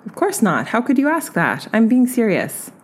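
A woman reading aloud and voicing an eager, persistent male journalist who presses questions gently but with determination. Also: a little high, wildly swooping pitch, moderate pace, breathy edge, pitched above the performer's own voice, heavily acted. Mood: eager insistent.

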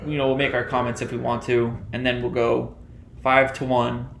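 A man's voice: medium pitch, monotone, moderate pace, gravelly, fairly bright tone, reverberant, slight background noise. A man hosting a casual podcast chat, assertive and steering the conversation. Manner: assertive, runs the segment. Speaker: podcast host.

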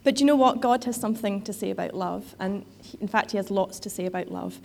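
A woman's voice: medium pitch, quick pace, vocal fry, darkish tone, a little hiss or hum. A woman giving a sermon in a conversational way, with frequent fillers and restarts. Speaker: preacher.

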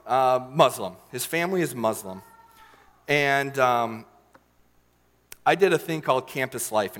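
A young man telling a personal story in a sermon, earnest and emotional, with many fillers and pauses. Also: fairly low pitch, a bit bright, in a large hall. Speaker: youth leader giving a sermon.

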